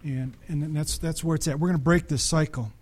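A middle-aged man preaching a sermon, conversational and animated, with frequent restarts and sudden loud peaks. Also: a little high, brisk. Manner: restarts and repeats words often. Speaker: pastor.

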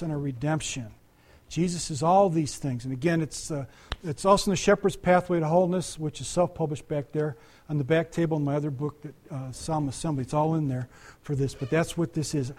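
A man's voice: on the high side, a little fast, a little mellow. An older man preaching a conversational sermon, talking to the congregation with frequent asides and restarts. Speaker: pastor.

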